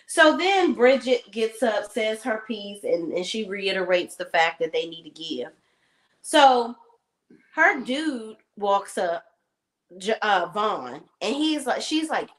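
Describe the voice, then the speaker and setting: A woman's voice: medium pitch, a little slow, low-quality recording. A woman casually recapping a TV episode on a streamed talk show, telling it with profanity and acting out the characters' lines. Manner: animated storytelling, acts out characters' lines. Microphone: remote stream setup.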